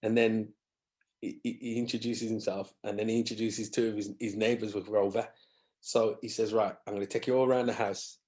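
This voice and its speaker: A man, a guest musician telling animated anecdotes in a podcast interview and acting out other people's voices. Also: lowish voice, brisk. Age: 50s.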